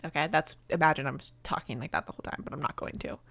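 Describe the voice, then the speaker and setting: Faint music plays behind this young woman's low, slightly bright voice as she reads a fan story quickly. She's a YouTuber, adding sarcastic, playful commentary for laughs along the way.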